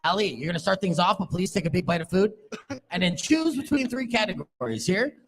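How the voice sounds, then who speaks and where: A man hosting a live game at a bar event, teasing the players with a quick, playful announcer delivery. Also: sits high, lively intonation, a bit bright. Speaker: radio host running a live game.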